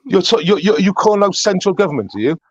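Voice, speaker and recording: A man's voice: high-pitched, lively intonation, quick pace, dull audio. A man from Wales hosting a livestream call, blunt and sarcastic, stammering when riled. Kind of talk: heated casual argument.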